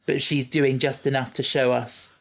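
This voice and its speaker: A male podcast co-host chats casually yet thoughtfully while reviewing a TV series, often using fillers and restarting sentences. His mid-range voice is creaky, with a level tone and a moderate pace.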